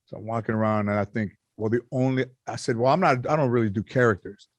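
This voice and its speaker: Middle-aged man, animated storyteller, acts out quotes, dry close sound, cursing comedian. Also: medium pitch, fast, no echo. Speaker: comedian guest. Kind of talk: casual storytelling chat.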